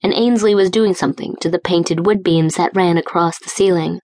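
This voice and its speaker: A woman reading a romance audiobook as its narrator, with smooth, even storytelling. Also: lowish voice, moderate pace, dry recording. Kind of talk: scripted narration. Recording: dry close studio read.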